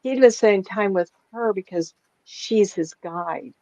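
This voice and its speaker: A woman's voice: medium pitch, a little slow, no room sound. A middle-aged woman, a psychic medium, telling stories in a casual chat and acting out the voices of people she quotes. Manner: animated storyteller, acts out quoted voices. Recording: dull lo-fi sound.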